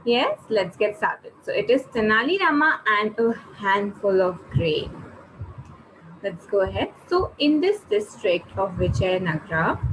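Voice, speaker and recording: Lively storytelling teacher. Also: female voice, medium pitch, measured pace, noisy background. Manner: lively, questions the class, explains words. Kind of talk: online storytelling class for kids.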